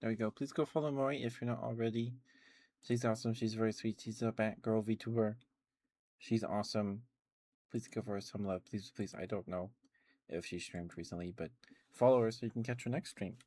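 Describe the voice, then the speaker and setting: A man doing soft-spoken ASMR on a stream, chatting relaxed while eating candy into a close mic. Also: on the low side, a little fast.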